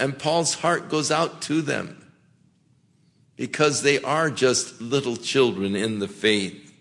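A man preaching a sermon in a slow, gentle way, with frequent small restarts. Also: mid-range voice. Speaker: pastor.

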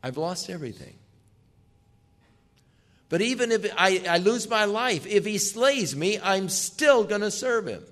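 A man's voice: high voice, very animated, unhurried, long pauses, fairly bright tone. An older man preaching a sermon in an earnest, emphatic way, putting questions to his listeners.

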